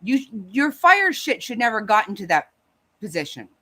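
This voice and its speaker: Profane woman livestream host, heated rant, very lively pitch. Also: normal speed. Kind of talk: angry casual rant to chat.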